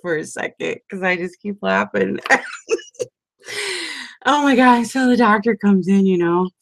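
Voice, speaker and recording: A woman's voice: mid-range voice, normal speed, vocal fry, no echo. Chatty woman in her forties, dry sound. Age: 40s. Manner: chatty and animated, breaks into frequent laughter. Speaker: crafting vlogger talking to group members. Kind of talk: casual chat. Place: home.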